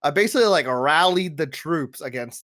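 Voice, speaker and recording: Excitable young man with a higher voice. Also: moderate pace. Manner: excitable, swears a lot, laughs often. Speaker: podcast co-host. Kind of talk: casual gaming chat.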